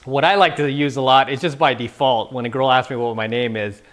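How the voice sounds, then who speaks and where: A man's voice: medium pitch, fairly even intonation, fairly quick, fairly bright tone. A man giving casual, playful dating advice, now and then acting out quoted lines. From San Francisco. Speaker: dating coach. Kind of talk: casual instructional talk.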